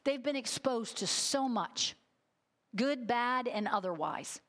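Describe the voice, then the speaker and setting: A woman's voice: on the high side, lively intonation, slow pace, fairly bright tone. A middle-aged woman preaching a sermon, telling a story with emphatic, heartfelt delivery and getting choked up at times. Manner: storytelling, emphatic, gets emotional.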